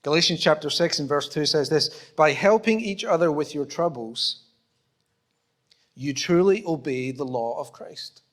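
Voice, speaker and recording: A man's voice: on the high side, unhurried. Scottish man preaching a conversational sermon. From Scotland. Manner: conversational, acts out small dialogues, self-deprecating humour. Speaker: pastor. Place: church auditorium.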